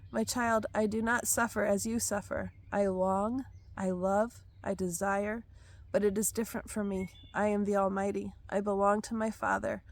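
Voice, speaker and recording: Hoarse woman in a flat, solemn delivery. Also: mid-range voice. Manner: slow, solemn, measured. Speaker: prophetic devotional speaker. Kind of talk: reading prophetic messages aloud.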